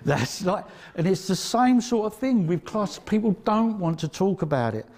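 Male preacher, Essex accent, slightly high voice, chatty and emphatic delivery that keeps checking in with the room. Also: very animated, moderate pace, a little mellow. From Essex, England. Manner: conversational, emphatic, checks in with the audience. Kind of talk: sermon.

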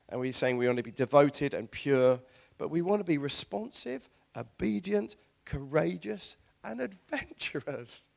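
A man preaching a sermon in church, animated, with laughing asides and repeated words. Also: sits high, vocal fry. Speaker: pastor.

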